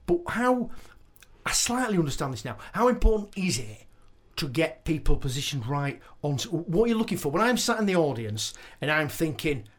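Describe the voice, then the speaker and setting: A man's voice: a little high, big pitch swings, moderate pace. Rambling man hosting a chat. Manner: rambling, full of restarts and laughter. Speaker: podcast host. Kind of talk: casual interview chat.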